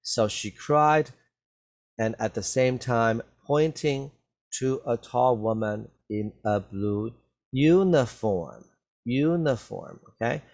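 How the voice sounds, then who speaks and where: A man teaching an English reading lesson in an unhurried, patient way. His pitch sits in an ordinary middle range. He repeats words and checks in with "okay?" after nearly every point. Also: darkish tone. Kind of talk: slow reading lesson for learners.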